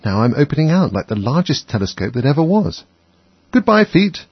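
A man's voice: mid-range voice, sing-song, fast talker, slightly rough, dry recording, voice pushed up. A man voicing a curious little girl who talks to herself, frets and scolds herself, in a dry, dull audiobook reading. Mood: fretful.

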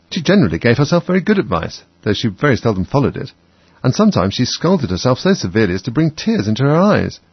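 A man's voice: mid-range voice, big pitch swings, fast, breathy edge, no room sound. A man narrating a children's storybook expressively as an audiobook, on a dull, dry recording.

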